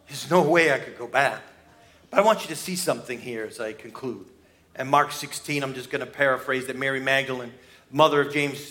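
A man preaching an Easter sermon, storytelling dramatically, acting out quoted voices, and swinging between loud outbursts and hushed asides. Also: a little high. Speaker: pastor.

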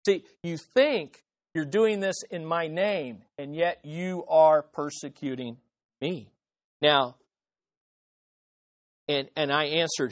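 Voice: medium pitch, expressive, takes it slowly, no room sound, studio quality. A preacher delivering a sermon with emphasis, repeating key phrases and asking the listeners rhetorical questions.

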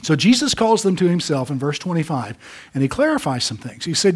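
A man preaching a sermon, rising to emphatic peaks and dropping low. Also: very animated, a little fast, slightly rough. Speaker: pastor.

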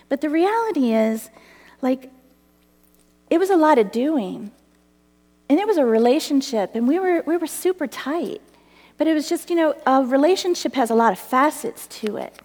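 A woman's voice: high voice, moderate pace. Woman giving a testimony talk in a hall. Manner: earnest, animated storytelling with laughs and acted quotes. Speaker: speaker at a church women's gathering.

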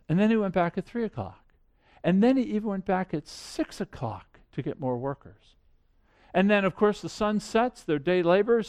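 A man preaching a sermon, animated, asking rhetorical questions and swinging between loud and quiet. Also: high-pitched. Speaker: pastor.

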